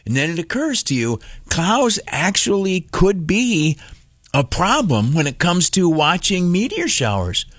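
A man's voice: sits high, very animated, measured pace, fairly bright tone, breathy edge, no room sound. Sarcastic rambling radio host man. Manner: sarcastic, self-mocking, lots of filler and restarts. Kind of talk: rambling comic monologue. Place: radio studio. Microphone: studio mic.

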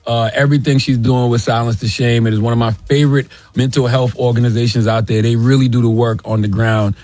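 A man's voice: medium pitch, level tone, fast talker, darkish tone, dry recording. A man co-hosting a radio talk show, affirming and supportive. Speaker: radio co-host.

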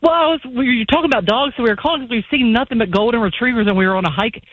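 A woman's voice: fairly high pitch, very fast, no echo, phone-quality sound. A bubbly, chatty woman in her forties calling in to a radio show, a bit tipsy and laughing as she tells stories. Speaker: caller. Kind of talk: phone call into a radio show.

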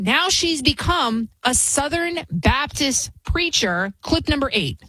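A woman's voice: high voice, expressive, measured pace, few pauses, bright, forceful tone, no echo, poor audio. A woman giving opinionated political commentary, emphatic and mocking, firing off rhetorical questions. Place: New York City.

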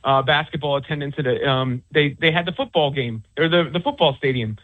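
A man's voice: on the high side, brisk. A man who writes about sports, speaking as a guest on a call-in interview, rambling with many restarts and fillers. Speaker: author and sports commentator. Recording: tinny phone line.

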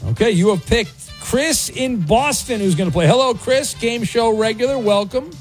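High-pitched guy hosting a radio game, jokey, stumbles on words, faint music behind. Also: expressive, normal speed. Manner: loose, joking, stumbles on words. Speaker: radio show host. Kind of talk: morning radio game show.

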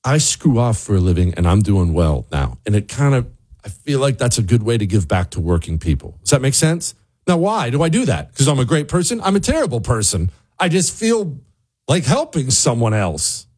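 A man's voice: very animated, moderate pace, darkish tone, slightly rough. A man hosting a talk show, delivering sarcastic, opinionated political commentary in a ranting manner. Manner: sarcastic, ranting, swings pitch widely for emphasis. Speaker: show host.

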